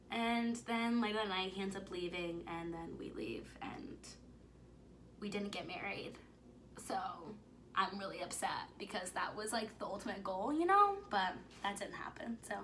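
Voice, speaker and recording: A young woman vlogger telling a story in casual chat, excited and gushing, filling it with "like" and dropping into whispers. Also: medium pitch, moderate pace, slight background noise.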